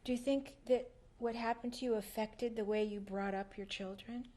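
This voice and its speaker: Flat-voiced woman interviewer. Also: fairly high pitch, moderate pace. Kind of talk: interview questions.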